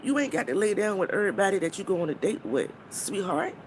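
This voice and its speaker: A woman's voice: mid-range voice, very animated, fast talker, a little hiss or hum. A woman on a live stream, talking bluntly and mockingly to her viewers, swearing freely and stopping to greet people in the chat.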